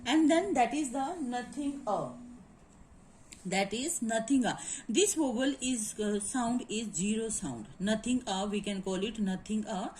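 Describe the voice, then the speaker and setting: This low-quality clip, carrying a slight hiss or hum, features a woman teacher with an Indian English accent whose voice sits on the high side, with a darkish tone and a slightly slow delivery. Giving a grammar lecture in class, she repeats points, explains carefully, and asks students "is it clear?"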